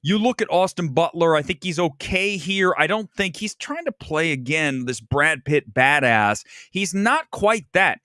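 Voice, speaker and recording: Man from Ohio hosting a film review stream. Fairly high voice, opinionated, dry close sound. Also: pushed and bright, no echo. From Ohio, USA. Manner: opinionated, talks straight to viewers. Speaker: movie review host.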